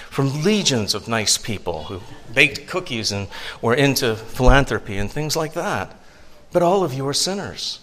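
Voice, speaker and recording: Bright-voiced man preaching a sermon. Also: mid-range voice. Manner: animated, acts out quoted voices. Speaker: pastor.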